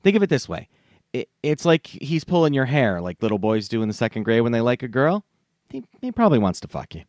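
A man's voice: mid-range voice, a little fast, dry recording, studio quality. A man hosting a comedy podcast, casual and profane. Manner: profane, animated, laughing. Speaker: podcast host.

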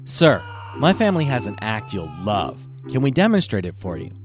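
A man's voice: fairly low pitch, sing-song, normal speed, faint music behind. A man voicing a pleading, scheming male carpenter in a wheedling tone.

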